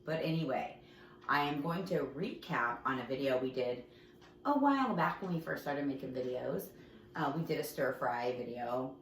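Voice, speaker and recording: A woman's voice: low voice, expressive, normal speed, slight background noise. A woman hosting a casual home cooking demonstration in her kitchen, chatty and joking as she cooks. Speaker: cooking show host. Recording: echoey room, mic at a distance.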